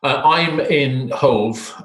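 A man with a Scottish accent, a founder speaking as a guest on a podcast interview over a video call, relaxed and rambling. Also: medium pitch, very slow. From Scotland. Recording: echoey room on a call.

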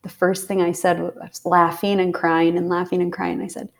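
A woman from Pennsylvania, a podcast guest, telling a personal story in a heartfelt way, sometimes dropping to a soft whisper. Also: lowish voice, level tone, normal speed, creaky. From Pennsylvania, USA. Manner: heartfelt, drops to soft whispers when recalling intense moments. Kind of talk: casual storytelling.

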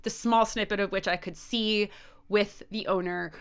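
Bright chatty woman podcaster. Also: medium pitch, fairly even intonation, moderate pace, smooth. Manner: chatty storytelling, lots of "like", acts out quotes. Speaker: podcast co-host. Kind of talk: casual chat. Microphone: headphones.

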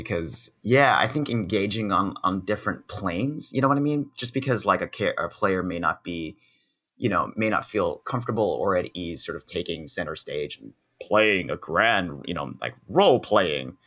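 A man's voice: deep voice, expressive, normal speed, fairly bright tone. A man, a guest improv performer, talking casually with many "you know" and "like" fillers. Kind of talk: casual podcast chat.

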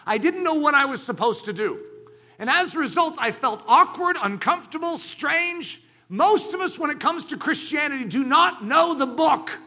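A man preaching a sermon as a pastor, talking in an animated, dramatic way with bursts of shouting. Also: very high-pitched, moderate pace.

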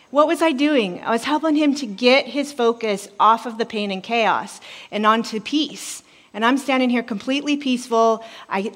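A woman pastor in her forties preaching a sermon in a church, telling a story in an animated way and acting out voices. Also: medium pitch. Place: church sanctuary. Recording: reverberant hall.

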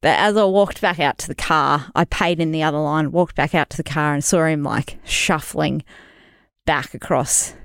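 A woman co-hosting a casual podcast, telling an animated, self-deprecating story. She laughs easily, and her voice sits slightly low. The sound is dry and close. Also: normal speed, dry recording. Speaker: podcast co-host.

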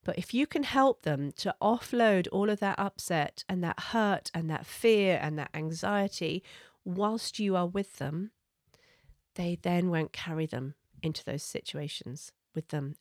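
A woman giving parenting advice in a gentle, earnest, explanatory way. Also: lowish voice, no echo, studio quality. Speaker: parenting coach.

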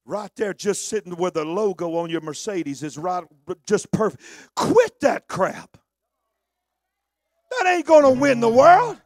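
A man preaching a sermon, swinging from low conversational talk to shouted, sung preaching. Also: big pitch swings, measured pace, dry recording.

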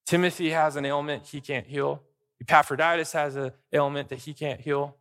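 A man's voice: on the high side, steady tone, normal speed, fairly bright tone. A pastor preaching a sermon, stressing his points with repeated lists. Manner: emphatic preaching with list-like repetition.

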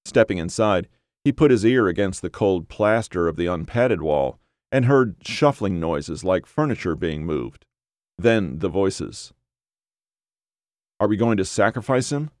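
A male audiobook narrator with a fairly low voice, telling the story at a measured pace. The recording is dry and close, with no room sound. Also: lively intonation, a little mellow, no room sound.

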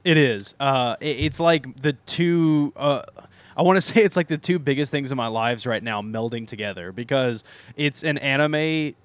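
A man co-hosting a casual podcast chat, an animated storyteller who retells scenes and laughs often. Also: mid-range voice, normal speed, no room sound. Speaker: podcast co-host. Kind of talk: casual chat recapping anime episodes.

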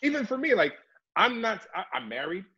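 A man's voice: high-pitched, very animated, fairly quick, pushed and bright, husky, dull audio. A middle-aged man, an actor, chatting animatedly in an interview and slipping into voices as he tells stories. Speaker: actor and guest. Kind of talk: casual interview storytelling.

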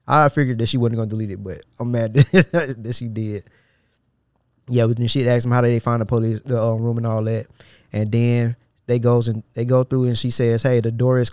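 Reading a social media thread aloud, this podcast host keeps stopping to mock the poster with sarcastic incredulity, his delivery loose, slangy and full of restarts. He speaks at a medium pitch with a darkish tone. The sound is clean studio audio with no room echo.

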